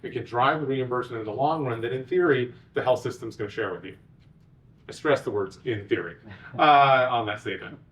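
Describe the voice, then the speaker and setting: A man, a physician executive, giving a conference talk with animated, sarcastic asides. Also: medium pitch, fast, far from the mic.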